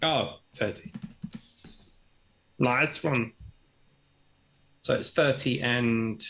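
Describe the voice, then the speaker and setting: A man talking through his turn in a tabletop game, slow and unhurried. His voice has a gravelly, fry-laden texture. He mutters over numbers as he goes. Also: mid-range voice, fairly bright tone. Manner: slow, gravelly, mumbling over dice maths. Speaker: player. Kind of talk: tabletop game play, casual chat.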